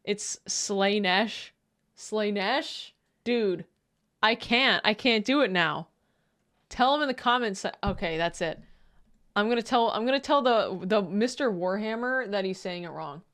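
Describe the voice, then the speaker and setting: A woman's voice: medium pitch, expressive, moderate pace, a bit bright. A woman streamer giving casual reaction commentary on a video, playful, laughing often and swearing freely.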